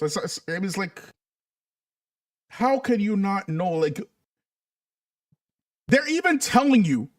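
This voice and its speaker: A livestream host with a high-pitched voice addresses his viewers as "family," speaking casually and emphatically with preachy conviction. He sits a little away from the mic in a dry, dead room with no echo.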